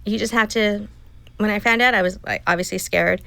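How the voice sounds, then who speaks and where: A woman's voice: mid-range voice, brisk, vocal fry, a bit bright, no echo. A middle-aged woman, a guest, telling a personal story in an earnest, emotional way and acting out what she told herself. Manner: emotional, earnest storytelling with acted self-talk. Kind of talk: personal story in a casual interview.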